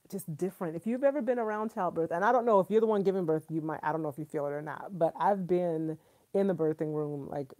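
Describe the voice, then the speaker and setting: Gushing woman on a live stream. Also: sits low. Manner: gushing and excitable, talks straight to viewers. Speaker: vlogger hosting a live stream. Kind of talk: chatty live stream, answering viewers.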